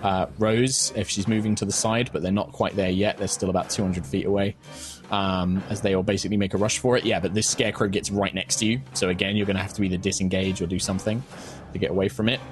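A man's voice: sits low, fast. A man running a tabletop game as game master, narrating and explaining rules with plenty of fillers. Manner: relaxed, descriptive, with frequent fillers.

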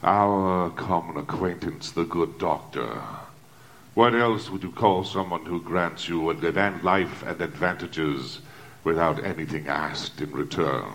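Fields: man playing a deep, cold alter ego. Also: a bit bright, a little hiss or hum. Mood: coolly aloof. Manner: measured, aloof, precise diction. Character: cold, eloquent male alter ego of a doctor. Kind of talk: audio drama acting.

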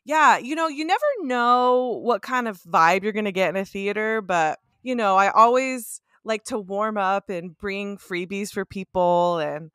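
A woman's voice: mid-range voice, unhurried, hardly any pauses, a bit bright, clear, resonant tone, no room sound, clean studio sound. A young woman co-hosting a casual podcast, bubbly and enthusiastic, laughing often. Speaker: podcast co-host. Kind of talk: casual chat.

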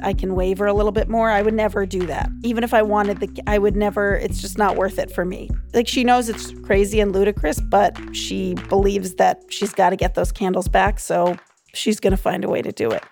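A young adult woman, a comedian guest, telling stories in animated, casual chat full of "like". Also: mid-range voice. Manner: animated, filler-heavy storytelling with lots of "like".

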